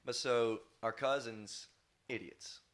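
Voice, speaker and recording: A man's voice: mid-range voice, fairly even intonation, takes it slowly, a bit bright, slight background noise. A man, rambling through family stories in a casual podcast chat. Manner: rambling, says "or whatever" a lot. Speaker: podcast co-host.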